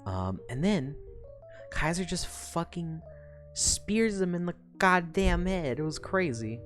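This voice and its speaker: A woman's voice: on the low side, takes it slowly, soft background music. A woman streamer casually recapping a story, swearing a lot and laughing often. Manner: profane, animated, laughs often.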